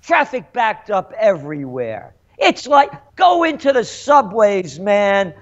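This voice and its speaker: Emphatic high-pitched man, lively delivery. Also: slow pace. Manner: emphatic, indignant, rhetorical questions. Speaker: trends forecaster guest. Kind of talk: animated interview. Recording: dull lo-fi sound.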